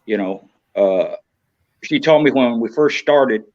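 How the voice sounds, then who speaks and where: A man's voice: medium pitch, lively intonation, takes it slowly, a little mellow, no echo. Frank, profane older man on a dull line. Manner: rambling, frank and profane, full of "you know". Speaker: podcast guest. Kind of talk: casual chat. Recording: dull, lo-fi, dry sound.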